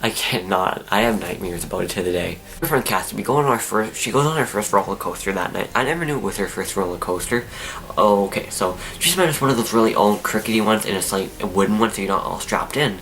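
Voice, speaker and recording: Excitable young man rambling to camera. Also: fairly low pitch, a little hiss or hum, low-quality recording. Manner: rambling, excitable, halting restarts. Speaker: vlogger. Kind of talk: casual storytelling to camera.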